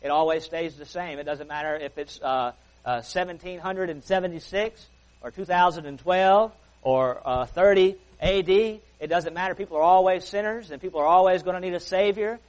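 An earnest male preacher with a voice on the higher side delivers a sermon at a church service. He leans hard into key words, then sinks into quiet, softer phrases, and drops in folksy asides along the way. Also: brisk, low-quality recording.

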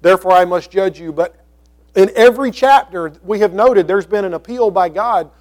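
Pastor guy with a high voice, reads the verses slow then chats through them fast. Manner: reads scripture slowly, explains in quick conversational asides. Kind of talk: verse-by-verse Bible teaching.

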